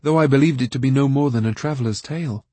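A man voicing an earnest, uneasy young man who talks in a low, husky way. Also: quick pace, no room sound, close to an everyday voice. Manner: low, hushed asking.

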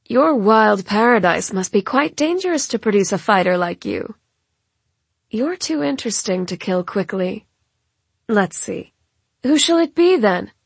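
A woman's voice: medium pitch, lively intonation, unhurried, gravelly, husky, no room sound, heavily acted. A woman reading an audiobook, voicing a cold, cruel female chief who speaks with scorn and mockery. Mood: mocking. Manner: scornful, icy and mocking.

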